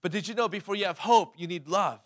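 A man's voice: high-pitched, fast, fairly bright tone. A male pastor preaching a sermon, emphatic, asking the congregation questions and calling for amens. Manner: emphatic, asks the crowd questions, calls "Amen?".

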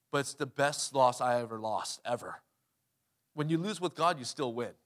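A man's voice: mid-range voice, normal speed, a bit bright. A male pastor preaching a sermon, emphatic, asking the congregation questions and calling for amens. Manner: emphatic, asks the crowd questions, calls "Amen?".

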